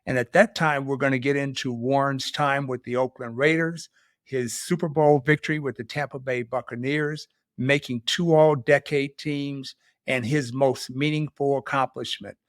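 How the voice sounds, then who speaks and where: A man's voice: medium pitch, steady tone, moderate pace, no room sound, clean studio sound. A man hosting a sports podcast, upbeat, asking questions and wrapping up the show. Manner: upbeat, brief affirmations. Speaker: podcast host. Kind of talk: interview hosting.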